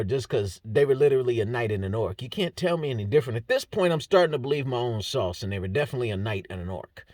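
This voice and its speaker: Speaking in a mid-range voice, this MMA breakdown host runs through fight results solo in a loose, jokey way, rambling and stumbling on the fighters' names. The sound is clean studio quality with no echo.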